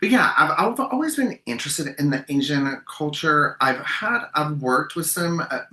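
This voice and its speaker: A man hosts a podcast, asking his questions with polite curiosity and frequent stammered restarts. His voice has a bright, forward edge. The room gives it a roomy echo. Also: on the high side, expressive, moderate pace. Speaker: podcast host. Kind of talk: casual interview conversation.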